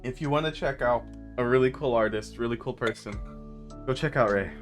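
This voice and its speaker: A woman livestreaming in casual chat, telling funny stories through fits of laughter and gushing shout-outs to viewers. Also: very deep voice, a little fast, faint music behind. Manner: giggly, bursts into laughter while storytelling.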